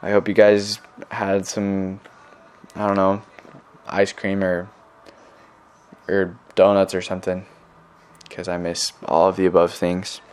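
A man's voice: sits low, monotone, slow pace, pauses often, darkish tone, clean tone. A young man, a missionary, telling stories in a casual recorded message to his family, rambling with many fillers. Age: young adult.

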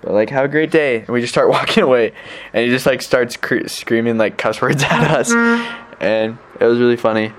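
A man's voice: medium pitch, fairly even intonation, moderate pace. A young adult man telling a story casually to the camera as a missionary, rambling and filling gaps with "like.". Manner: rambling, filler-heavy, lots of "like".

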